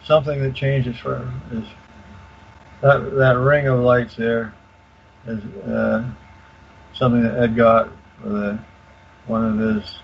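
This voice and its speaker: An older man explaining in detail as a radio guest, halting with many fillers and restarts. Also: mid-range voice, flat delivery, creaky. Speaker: guest expert. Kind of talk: casual explanation on a call-in radio show. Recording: dull lo-fi call audio with faint hiss.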